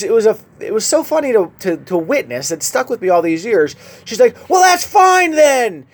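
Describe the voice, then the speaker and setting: A pastor with a somewhat high male voice delivers a sermon in a relaxed, conversational manner. He moves between scripture readings and personal anecdotes in an easy, talky style. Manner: conversational preaching with personal stories.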